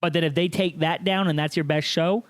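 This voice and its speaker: A man's voice: fairly high pitch, fairly even intonation, fairly quick. A man co-hosting a casual podcast, arguing and pressing with questions. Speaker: podcast co-host. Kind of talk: casual chat.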